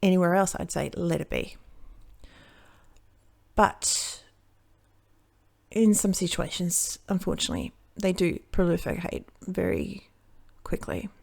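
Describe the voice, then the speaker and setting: A woman's voice: on the low side, big pitch swings, a little slow, creaky, long pauses, a little mellow. An Australian woman chatting casually while she crafts, telling a long rambling story that keeps interrupting itself. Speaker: card-making crafter.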